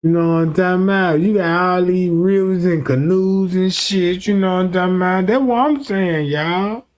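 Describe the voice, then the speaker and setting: A man livestreaming, telling a profane, rambling story to his chat, dropping to low mutters and then shouting. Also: moderate pace. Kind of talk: casual storytelling to a live chat.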